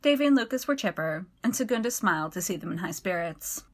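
A woman narrating a story in an even, clear storytelling manner. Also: fairly low pitch, fast talker.

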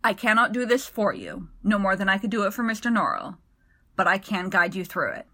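A woman voicing a rough-voiced former servant man who speaks in a dry, measured way with quiet bitterness. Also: high voice, very animated, full character voice. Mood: dry, steady.

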